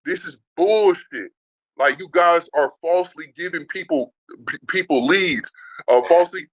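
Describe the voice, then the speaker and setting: A man's voice: a little high, moderate pace, no echo, lo-fi sound. A man telling his story in an interview, blunt and heated, swearing and calling the host bro. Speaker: interview guest, former student. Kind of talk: emotional interview on a call.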